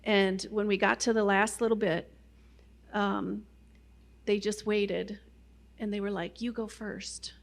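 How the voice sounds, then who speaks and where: A woman's voice: medium pitch, little pitch movement, slow pace, vocal fry, pauses often. Middle-aged woman telling her testimony. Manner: conversational storyteller, many "you know" fillers. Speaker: guest speaker at a Christian ministry. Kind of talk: personal testimony talk.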